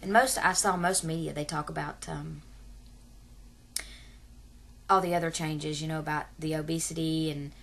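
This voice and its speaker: A woman's voice: low-pitched, level tone, moderate pace, pauses often, fairly bright tone. A woman, talking casually and at length to her camera in a rambling, long-winded way full of fillers and asides. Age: 30s. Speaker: vlogger. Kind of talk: casual vlog talk to camera.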